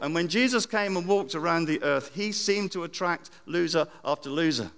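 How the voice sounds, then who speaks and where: Preacher, man: reflective sermon, loud then hushed, bright tone, echoing church hall. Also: fairly high pitch, moderate pace, hardly any pauses. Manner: reflective, with repeated phrases and wide swings from loud to hushed. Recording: long church reverb.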